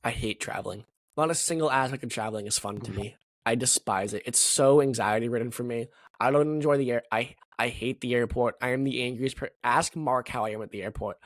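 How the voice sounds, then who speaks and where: Fast-talking man on a dry mic. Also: mid-range voice, no room sound. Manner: grumbling rants, blunt picks. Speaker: podcast co-host. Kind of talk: casual sports chat.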